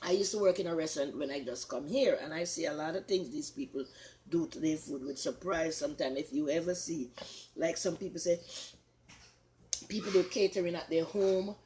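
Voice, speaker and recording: Older Jamaican woman host, lowish voice, chatty and repetitive, faint hiss. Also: brisk. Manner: chatty, repeats herself, warm asides to viewers. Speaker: talk show host. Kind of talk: casual cooking chat.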